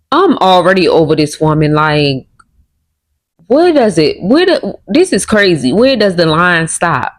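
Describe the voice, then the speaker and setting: Sex: woman. Role: co-host. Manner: blunt, sarcastic. Pitch: fairly low. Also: sing-song, a little slow. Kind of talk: reaction commentary.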